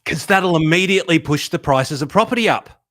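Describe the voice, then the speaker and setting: Sarcastic Australian man with a lively voice. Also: a little high, brisk, no room sound. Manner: sarcastic, mock-lecturing, laughs a lot. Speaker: podcast co-host. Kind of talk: casual banter on finance.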